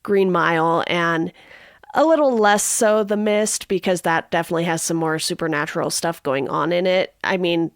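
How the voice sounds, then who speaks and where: Low-voiced woman, dry close sound. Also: normal speed, dry recording. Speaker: podcast co-host. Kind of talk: casual film discussion.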